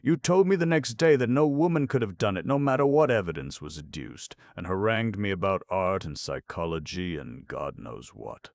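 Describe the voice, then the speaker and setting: A man's voice: extremely low pitch, animated, a little slow, creaky, dry recording, studio quality, heavily acted. A man reading a stern, exasperated prosecutor. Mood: indignant. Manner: blunt, exasperated and cold. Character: stern, indignant male district attorney. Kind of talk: audiobook character reading.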